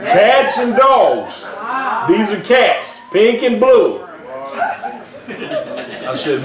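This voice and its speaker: Male preacher, high voice, storytelling sermon, live stream, echoey hall, congregation audible. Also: slow, long pauses, recorded from a distance, a crowd in the background. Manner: animated, laughing as he tells a story. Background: congregation responding.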